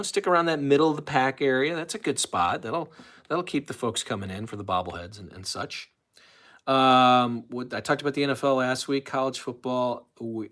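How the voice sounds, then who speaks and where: On a laid-back live stream, a man rambles about sports betting and the news, chatting away and reading viewers' comments out loud. His voice is mid-range and slightly bright.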